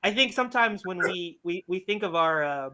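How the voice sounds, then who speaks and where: High bright-voiced podcast host. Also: male voice, lively intonation, moderate pace. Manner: supportive, frequent affirmations, hesitant restarts. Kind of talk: casual interview.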